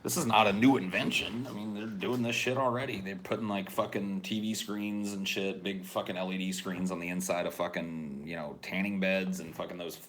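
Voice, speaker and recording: A man co-hosting a podcast, rambling through a profane, deadpan rant in casual chat. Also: low voice, a little fast, few pauses, slight background noise. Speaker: podcast co-host.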